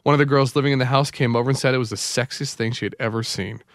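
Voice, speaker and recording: A man's voice: medium pitch, steady tone, racing, no room sound, studio quality. A man co-hosting a morning radio show, reading listener stories aloud and joking in casual banter. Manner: jokey, reads listener texts aloud with laughs. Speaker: radio co-host. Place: radio studio. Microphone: studio microphone.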